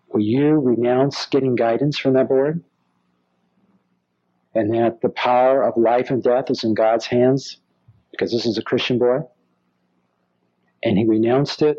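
A man's voice: medium pitch, measured pace, pauses often. A man preaching, telling stories and acting out the voices of the people in them. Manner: animated storyteller, acts out quoted voices. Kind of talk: sermon storytelling. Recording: slightly dull lo-fi recording.

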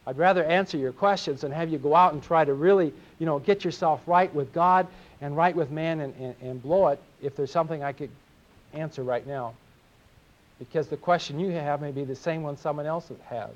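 A man's voice: on the high side, brisk, lo-fi sound. A middle-aged man preaching a sermon in an earnest, confessional way, often repeating words as he speaks.

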